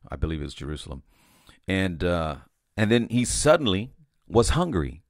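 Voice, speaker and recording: In a low voice with big pitch swings and a moderate pace, a man gives an informal sermon about a vision, recorded in clean studio sound without room sound. His delivery is conversational, with frequent restarts, repeated words and plenty of "you know."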